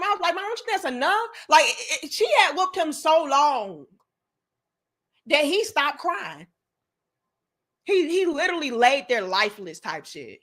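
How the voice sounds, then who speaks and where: Woman host, 30s, bright and slightly high, blunt and emphatic, chatting casually to a live audience. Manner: blunt, swearing, emphatic storytelling. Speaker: commentary channel host. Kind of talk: casual commentary to a live chat.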